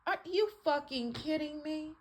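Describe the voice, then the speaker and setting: High-voiced woman ranting bluntly. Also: lively intonation, a little slow. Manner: profane, blunt and scolding; emphatic, swings between loud and quiet. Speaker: channel host. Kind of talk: casual rant monologue.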